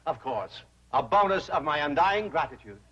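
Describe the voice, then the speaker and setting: An actor playing a fussy, scheming older banker who talks in pompous, flowery phrases in a sitcom. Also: male voice, on the high side, very animated, moderate pace, bright, forceful tone. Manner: pompous and flowery, then pleading. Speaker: bank president. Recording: dull old TV audio with hiss.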